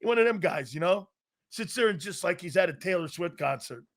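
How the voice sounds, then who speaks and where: A man's voice: high voice, animated, brisk. A man hosting a sports talk stream, ranting casually in a brash, profane, teasing way.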